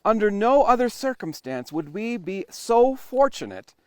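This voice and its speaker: A male pastor preaching a sermon, telling it like a story with dramatic pauses and sudden shifts between loud emphasis and hushed, quiet lines. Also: sits high, very animated, smooth, no echo. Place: church online worship recording.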